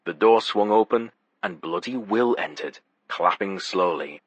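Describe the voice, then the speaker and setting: A man's voice: low-pitched, unhurried, few pauses, no room sound. A man narrating a first-person audiobook in a wry, sardonic manner.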